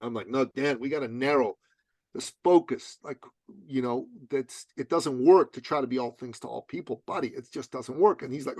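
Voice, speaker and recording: A man's voice: a little fast, darkish tone, slightly rough, no room sound. A man telling a story as a podcast guest, emphatic and slangy, acting out both sides of the dialogue. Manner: emphatic, slangy, acts out dialogue in high voices. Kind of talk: animated storytelling.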